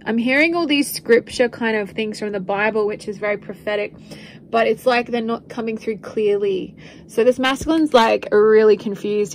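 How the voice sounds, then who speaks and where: A woman's voice: a little high, slight background noise, rough recording. A woman giving a spiritual tarot reading, talking in a meandering, repetitive, earnest way with light laughs. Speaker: tarot reader.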